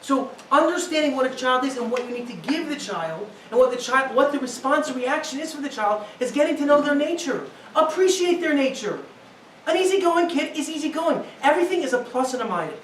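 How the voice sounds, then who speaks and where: A high-voiced man in his thirties delivers a lively parenting lecture as a rabbi, often laughing and acting out voices. He sounds a little distant from the mic, and the room echoes around him. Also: brisk. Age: 30s. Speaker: rabbi, guest speaker. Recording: roomy, from a distance, faint noise.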